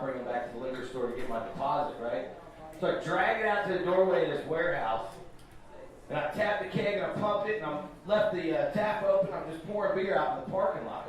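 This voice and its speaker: A young man in his twenties doing a stand-up comedy set, telling a story in a loose, profane way with asides to the crowd. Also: a little high. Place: comedy club stage. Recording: echoey club room from far off with crowd. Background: audience laughter.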